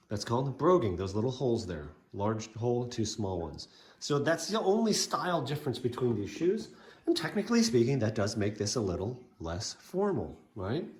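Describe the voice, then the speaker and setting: A man's voice: medium pitch, a little mellow, echoey room. A man chatting casually about his shoe collection, rambling with lots of fillers and asides. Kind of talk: casual show-and-tell vlog.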